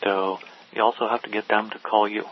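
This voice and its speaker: A man's voice: fairly low pitch, brisk. A man casually telling a long anecdote, acting out the lines of the people in it. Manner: animated, quotes people in dialogue. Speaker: storyteller guest. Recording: dull lo-fi sound with faint hiss.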